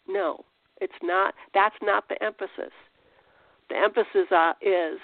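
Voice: medium pitch, normal speed, vocal fry, dry recording. A Christian teacher giving an informal spiritual talk, conversational, with restarts and rhetorical questions. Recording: tinny phone-like dry sound.

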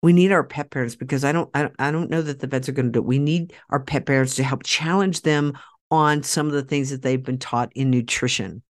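A woman's voice: very deep voice, brisk. Emphatic woman hosting a podcast monologue. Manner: emphatic, repeats key phrases for force; direct address to listeners, rallying tone. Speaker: podcast host.

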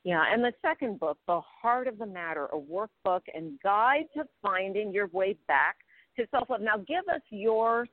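A woman's voice: mid-range voice, animated, moderate pace, no echo. A woman hosting an interview, encouraging and explaining ideas to her listeners. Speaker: host. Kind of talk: interview over the phone. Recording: dry tinny phone line.

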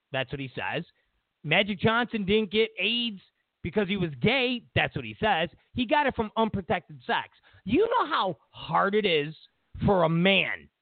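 A man's voice: high-pitched, creaky, dry recording, narrow, tinny audio. A man hosting a political commentary show, ranting sarcastically and exasperatedly, repeating himself as he mocks the news.

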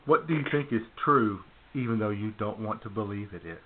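A man's voice: fairly low pitch, lively intonation, fairly quick. A man hosting a casual talk radio show, firing off upbeat quiz questions and laughing easily. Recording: tinny phone-like sound.

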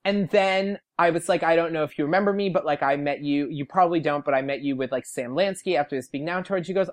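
A man's voice: on the high side, fast talker, hardly any pauses. Young man, podcast guest, chatty storyteller who slips into quoted voices. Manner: animated, quotes people in lively put-on voices. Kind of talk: casual storytelling.

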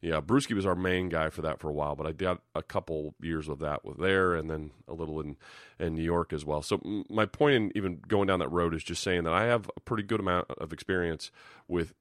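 A man's voice: sits low, fairly quick, dry recording, clean studio sound. A man, a former linebacker, breaking down game film in a casual, rambling way, full of restarts. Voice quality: hoarse-sounding morning voice. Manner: rambling and conversational, with frequent restarts and 'you know'.

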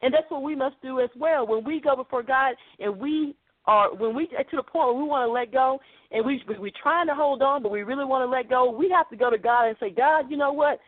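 A woman with a high voice preaches fairly quickly in a podcast sermon, her tone earnest and conversational. The recording is dry with no echo, and it has a narrow, phone-like sound.

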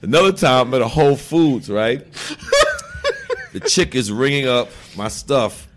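A man telling stories as a podcast guest in a bar, animated, laughing often and swearing freely. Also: medium pitch, measured pace, noisy background. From Brooklyn, New York. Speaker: guest actor. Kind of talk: casual podcast storytelling.

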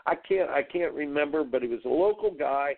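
A man's voice: on the high side, animated, fairly quick, creaky. A middle-aged man, a tennis coach hosting a radio show, telling rambling anecdotes with quoted dialogue and repeated words. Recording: narrow phone-like radio line.

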